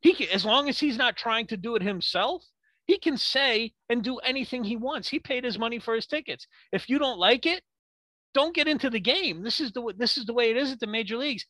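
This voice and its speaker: A man co-hosting a sports podcast, ranting in a heated, profane way with rapid rhetorical questions. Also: very high voice, animated, sharp tone, dry recording. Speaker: podcast co-host.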